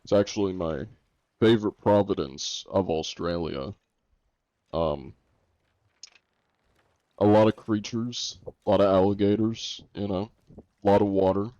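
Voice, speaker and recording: Young American streamer, wry and joking, mellow dark tone. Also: male voice, lowish voice, fairly even intonation, measured pace, pauses often, no room sound. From United States. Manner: joking, reads chat aloud and answers it. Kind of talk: casual livestream chat. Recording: dull lo-fi stream audio.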